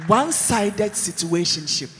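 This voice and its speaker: A man preaching a sermon in a church, animated, mixing English with Twi, swinging from shouts to low asides. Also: unhurried, big-room sound, a faint crowd, slight background noise.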